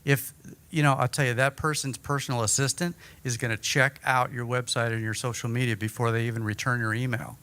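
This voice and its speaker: A man giving an energetic, chatty breakout-session talk at a conference, joking about himself. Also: mid-range voice, fairly quick, clean tone. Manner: energetic, chatty, self-deprecating. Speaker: workshop speaker. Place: conference room.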